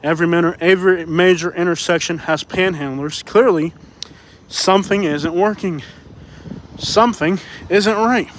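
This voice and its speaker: A man's voice: sits high, normal speed, slight background noise. A man live-streaming while walking city streets, a little out of breath, rambling and repeating himself as he reads chat aloud.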